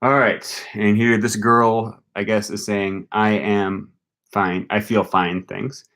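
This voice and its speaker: Young male vlogger, low and unhurried, casual running commentary while he repeats practice phrases. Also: flat delivery, a bit bright. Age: young adult. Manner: thinks aloud, repeats foreign phrases slowly. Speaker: language learning vlogger. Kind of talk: casual commentary while using a language app.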